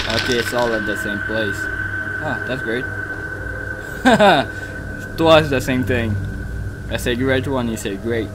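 A young man giving casual let's play commentary, yelling and cursing at the game between goofy asides. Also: medium pitch, noisy background. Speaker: gamer playing on video. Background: game music.

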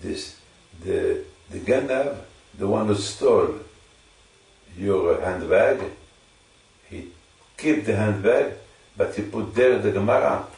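A man's voice: lowish voice, vocal fry, darkish tone. Guy teaching torah, keeps repeating himself, big echoey room, mic far off. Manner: halting, repeats phrases for emphasis. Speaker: religious teacher. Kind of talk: informal Torah teaching to a listener.

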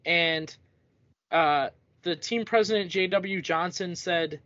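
A young man co-hosting a casual sports podcast, talking in an animated way and mimicking the people he quotes. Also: high voice, slow pace, dry recording. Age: young adult. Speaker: podcast co-host. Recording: dull lo-fi dry recording.

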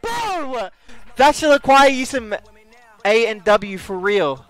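A young Australian man streaming a game, excitable and quick to exclaim and swear. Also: high-pitched, clean tone, faint music behind. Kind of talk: live stream reaction.

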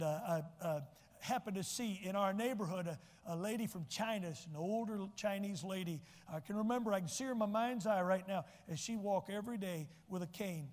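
A man's voice: sits high, fairly quick, in a large hall. A man preaching a sermon as pastor, telling personal stories and building to emphatic lines. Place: church sanctuary.

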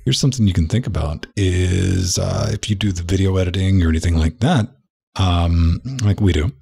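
Gravelly low-voiced man, rambling. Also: fairly even intonation, normal speed, dark tone. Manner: rambling, repeats words, says "man" a lot. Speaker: podcast co-host. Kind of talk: casual tech chat.

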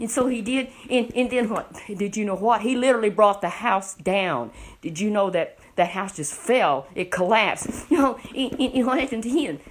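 Gravelly-voiced woman telling a Bible story. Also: fairly low pitch. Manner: animated, keeps asking the listener questions.

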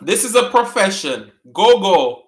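A man with a Jamaican accent hosting a live-stream trivia chat, repeating words slowly and laughing often with viewers. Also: high-pitched, animated, pushed and bright, roomy sound. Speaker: host.

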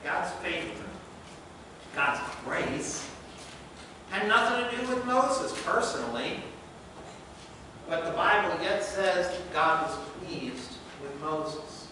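A man's voice: on the high side, animated, slow pace, long pauses, background noise. A man preaching a sermon as pastor in a church sanctuary, emphatic and full of rhetorical questions. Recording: echoey church sanctuary from a distant mic.

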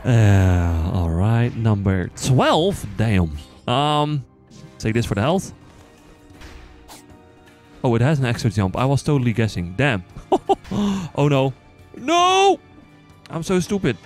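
A man with a non-native accent chatting casually to viewers while playing, quick to excited outbursts and joking at himself. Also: medium pitch, faint music behind. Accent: non-native English accent. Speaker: gaming channel host. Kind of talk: casual let's-play commentary.

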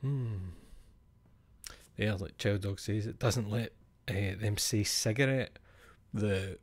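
In a fairly low, slow voice, a Scottish streamer chats casually with his viewers in live chat. He's blunt, swears freely and drops chuckling asides.

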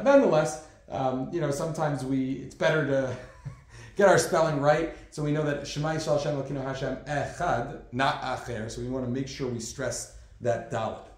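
A man teaches a class in an easy, conversational tone, often pausing on fillers and small asides. His voice sits at an ordinary middle pitch for a man. The recording is heavily reverberant, as if made in a bare, echoing room. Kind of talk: classroom lecture. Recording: very echoey room.

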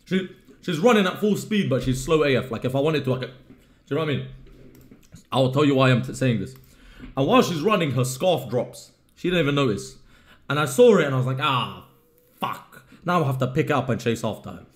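A man's voice: medium pitch, animated, fairly quick. A young man streamer casually telling a story to his live chat, joking and swearing freely.

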